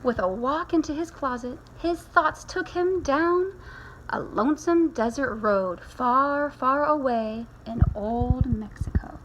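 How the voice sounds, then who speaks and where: A woman teacher reading a picture book aloud to children at home, playful and animated, chatting to her listeners between pages. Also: sits high, takes it slowly, slight background noise, low-quality recording.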